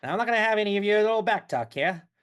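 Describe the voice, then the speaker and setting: A man voicing a bossy 1950s Mid-Atlantic film tough guy in a loud, theatrical old-movie delivery. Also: a little high, animated, moderate pace, lightly acted.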